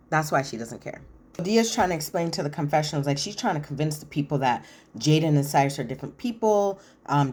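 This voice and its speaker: A woman's voice: deep voice, darkish tone. A woman giving blunt, opinionated casual commentary on a reality show, acting out what the people said. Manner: blunt, opinionated, acts out quotes.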